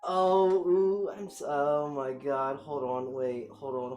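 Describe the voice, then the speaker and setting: Flustered slow-talking woman streamer. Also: rumbling low, fairly even intonation, a little mellow, highs cut off. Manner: flustered, exclaims "oh my god" often; self-mocking and apologetic. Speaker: virtual streamer. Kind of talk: live-stream chat. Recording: echoey room, faint background music.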